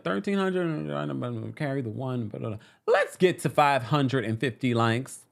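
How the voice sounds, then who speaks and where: A man hosting a casual live-stream recap from New York City, chatting and reading viewer comments aloud with frequent laughs. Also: mid-range voice.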